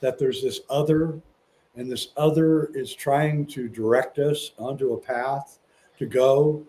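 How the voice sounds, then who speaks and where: A male podcast guest, relaxed and casual, telling stories with plenty of ums and restarts. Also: medium pitch, unhurried, low-quality recording. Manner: relaxed storytelling with many fillers and restarts. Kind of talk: casual interview talk.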